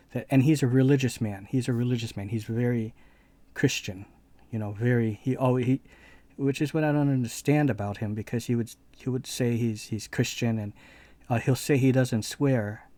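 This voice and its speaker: A man's voice: mid-range voice, steady tone, moderate pace, dark tone, dry recording. A man hosting a gaming video channel, telling a rambling personal anecdote in casual commentary. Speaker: let's play channel host.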